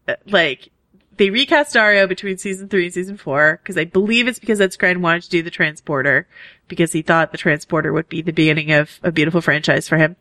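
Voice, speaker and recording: Fairly low in pitch yet bright, this podcast co-host speaks with a forceful tone and no echo. She chats enthusiastically through a TV episode like a fan, using plenty of fillers.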